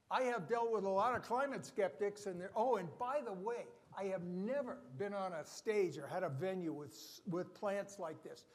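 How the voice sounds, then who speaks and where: An older man with a New Jersey accent giving a joking, rambling conference presentation to a live audience. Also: high voice. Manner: joking, self-deprecating, rambling asides. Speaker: conference speaker.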